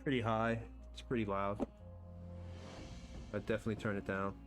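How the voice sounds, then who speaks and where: A man's voice: on the low side, flat delivery, normal speed, music in the background. A man streaming live, chatting playfully to himself and to viewers as he builds game terrain, boasting in fun. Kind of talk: casual live-stream chat while building. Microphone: desk mic with headphones.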